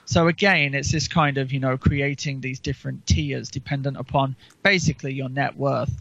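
A man co-hosts a casual podcast chat, his voice gravelly with fry. He rambles and restarts, filling gaps with ums. The recording is dull and lo-fi, and the room sounds dry. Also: medium pitch, fairly even intonation, normal speed, fairly bright tone, dry recording. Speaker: podcast co-host.

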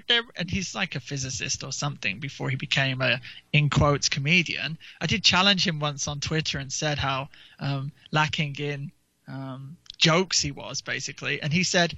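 A man's voice: a little high, normal speed, gravelly, bright, forceful tone, no echo. A man co-hosting a casual talk show, rambling and mocking, sometimes mimicking people's voices. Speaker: podcast co-host. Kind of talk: casual chat. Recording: dull lo-fi dry sound.

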